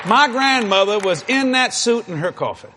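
A man's voice: high-pitched, expressive, normal speed, a loud crowd, heavy background noise. A man preaching a sermon, telling folksy stories in an emphatic way.

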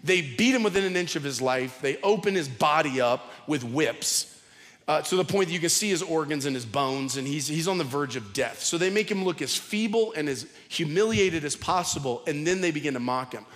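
A man preaching a sermon with a fairly high voice, talking casually and restarting his phrases as he goes. His words carry a long hall reverb. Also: expressive, brisk, fairly bright tone. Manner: conversational preaching, repeats words, acts out quotes. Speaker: pastor.

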